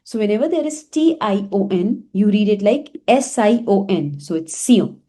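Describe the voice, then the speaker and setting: A young woman teaching a lesson, repeating each word slowly and breaking it into syllables. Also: mid-range voice, very animated, mellow. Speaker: French teacher. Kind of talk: slow language lesson.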